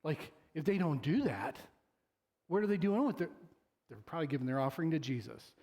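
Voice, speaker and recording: A man's voice: a little high, lively intonation, brisk, darkish tone. A male pastor preaching a sermon in a loose, conversational way, joking with the congregation and acting out quoted voices. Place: church sanctuary.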